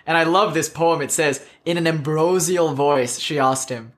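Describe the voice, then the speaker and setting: A man's voice: fairly high pitch, steady tone, normal speed, few pauses, fairly bright tone. A man from South India giving a casual, joking spiritual talk full of stories. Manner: joking, conversational, laughs often. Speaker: spiritual teacher.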